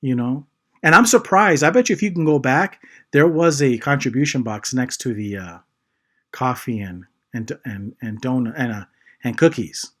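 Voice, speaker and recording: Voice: mid-range voice, animated, normal speed. A host in a casual chat who makes emphatic points and keeps the conversation moving. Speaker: channel host.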